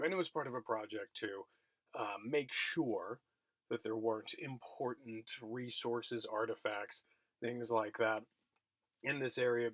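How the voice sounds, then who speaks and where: A man's voice: mid-range voice, fairly bright tone, no room sound. A middle-aged man teaching a college class by recorded video, telling a story in a chatty, self-mocking way with lots of fillers and restarts. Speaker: college geography instructor. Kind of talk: recorded remote lecture, storytelling. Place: at home, recorded for remote teaching.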